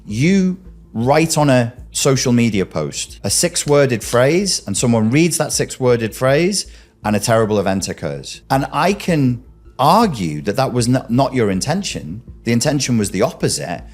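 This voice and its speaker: A man's voice: medium pitch, big pitch swings, unhurried, soft background music. A man hosting a commentary, arguing emphatically and throwing rhetorical questions straight at the listener. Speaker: commentary host. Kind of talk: argumentative commentary.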